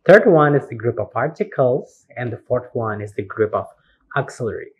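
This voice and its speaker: A man with an Indonesian accent teaching phonetics in a recorded university lecture, slowly spelling out words and repeating them. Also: medium pitch, lively intonation, husky, phone-quality sound. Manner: slow, spells words letter by letter, repeats words for practice.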